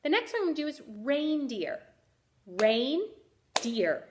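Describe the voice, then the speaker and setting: A woman teacher giving a first-grade reading lesson, sounding out letters clearly and praising the children. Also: sits high, big pitch swings, brisk, very noisy. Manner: encouraging.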